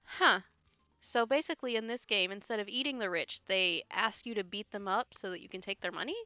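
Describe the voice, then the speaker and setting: A woman's voice: mid-range voice, brisk, bright, forceful tone, smooth, no echo, highs cut off, faint music behind. A woman casually commenting on a video game she plays, teasing and wry, laughing often. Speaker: game streamer. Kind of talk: casual let's-play commentary.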